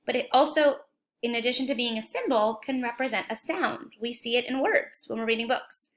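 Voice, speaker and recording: A woman teaching a children's phonics lesson, speaking slowly and clearly, encouraging and asking young viewers questions. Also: on the high side, a bit bright. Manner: slow, clear, encouraging, asks questions to kids.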